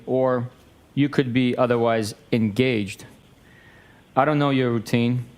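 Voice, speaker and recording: A man reading an exchange of text messages aloud in a flat, matter-of-fact way. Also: medium pitch.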